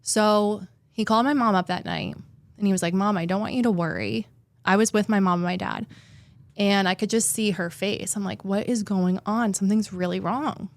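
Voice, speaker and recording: A young adult woman telling a personal story with open, heartfelt feeling, sometimes close to tears. Her voice sits in an ordinary middle pitch, and the sound is dry and close. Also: steady tone, moderate pace, no room sound. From New Jersey. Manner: heartfelt, tearful at moments, many "like" fillers. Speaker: therapist guest.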